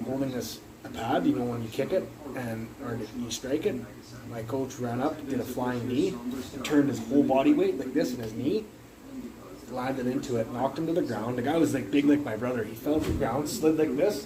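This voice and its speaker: A man's voice: mid-range voice, low-quality recording. A man rambling through stories on a phone livestream, swearing and jumping between topics. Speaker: livestream host. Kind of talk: rambling casual livestream chat.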